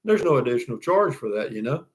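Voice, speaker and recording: A man's voice: mid-range voice, big pitch swings, fast talker. Folksy older Texan man. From Texas. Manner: folksy, rambling, with frequent restarts and "you know what I mean". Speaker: live stream host. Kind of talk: casual live stream chat, reading comments.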